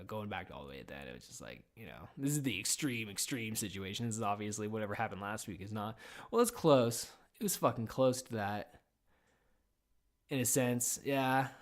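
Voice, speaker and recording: A man in his thirties hosting a casual podcast from a small office, rambling and swearing freely with lots of fillers. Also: on the low side. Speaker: podcast host.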